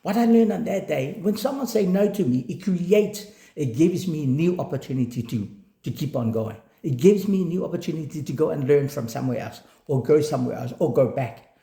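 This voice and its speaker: A man telling a lively motivational story about not giving up, switching between English and another language and acting out what others said. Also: on the high side, fairly quick, gravelly, roomy sound. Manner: animated, switches between English and Samoan, acts out quotes.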